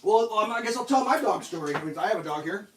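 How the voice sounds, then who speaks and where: A man's voice: sits high, animated, fast, slight background noise. A man chatting casually while cooking breakfast at home, rambling through stories and laughing at them.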